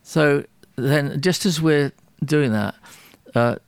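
Male producer guest, gravelly voice, dry close sound, animated storyteller who stumbles and restarts often. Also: on the high side, slow pace, no echo. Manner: animated, self-deprecating, with many restarts and repeated words. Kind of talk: anecdotal storytelling in a radio interview.

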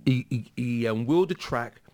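A man's voice: medium pitch, normal speed, dark tone. A man telling a story as a guest in a casual interview, with lots of fillers and restarts. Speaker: guest musician.

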